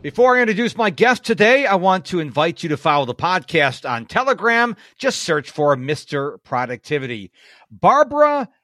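A man's voice: high-pitched, no room sound, studio quality. A man from Western New York hosting a podcast, chatting casually and telling stories with enthusiasm. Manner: chatty, enthusiastic, animated storytelling. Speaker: podcast host. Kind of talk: casual interview chat.

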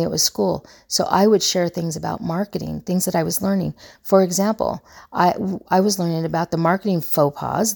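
Middle-aged female advice host, low gravelly voice, earnest and rambling. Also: dark tone. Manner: earnest, rambling, with many fillers and restarts. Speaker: relationship coach and podcast host. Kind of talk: casual advice monologue.

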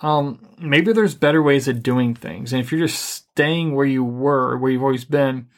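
A middle-aged man co-hosting a podcast, giving relationship advice in a calm, even, deliberately unhurried way. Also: medium pitch. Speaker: podcast co-host. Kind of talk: casual advice chat.

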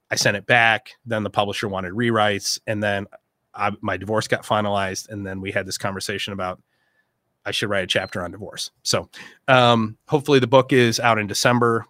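A man's voice: fairly low pitch, sharp tone, dry recording, studio quality. A man in his forties hosting a casual live session, talking loosely with many fillers and restarts, heartfelt when he speaks about family. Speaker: host of a members' live session. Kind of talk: casual live-stream talk.

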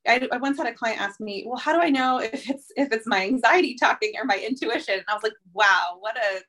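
A woman's voice: on the high side, fairly quick, a bit bright. A woman in her thirties, a therapist hosting a podcast, talking things through in a thoughtful, reflective way with plenty of fillers. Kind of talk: casual conversation.

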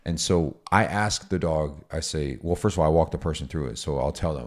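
A man co-hosting a casual podcast, explaining dog training in an energetic, chatty way. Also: rumbling low, brisk, hardly any pauses. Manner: energetic, explanatory, acts out dialogue.

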